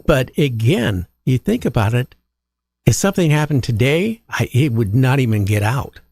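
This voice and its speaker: Man, talk show host, rambling, lots of fillers, lively pitch, gravelly. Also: normal speed, no echo. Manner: rambling, many fillers like you know and again. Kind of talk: casual chat.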